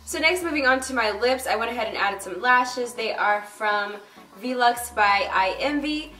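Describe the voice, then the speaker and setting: A woman's voice: on the high side, expressive, moderate pace, pushed and bright, distant mic. Young female beauty vlogger, chatty and bubbly, echoey room, slightly off-mic, faint music behind. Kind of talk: casual makeup tutorial talk. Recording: roomy echo, a bit off-mic. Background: faint background music.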